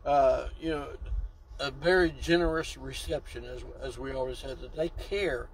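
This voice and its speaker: A man's voice: mid-range voice, moderate pace, slight background noise, low-quality recording. A man preaching a sermon, exclaiming and drawing out key words for emphasis.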